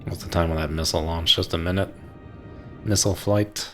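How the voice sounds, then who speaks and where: A streamer with a very deep voice chats his way through a naval game, laughing often and muttering to himself. Faint music plays under his talk. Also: fairly even intonation, brisk. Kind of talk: casual gameplay commentary.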